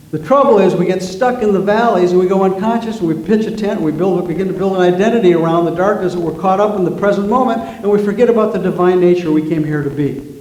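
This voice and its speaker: A man's voice: sits high, a little mellow. A man, a guest minister and author, preaching a sermon in a conversational way, repeating himself and asking the congregation questions, in a church sanctuary. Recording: roomy church sanctuary, faint noise.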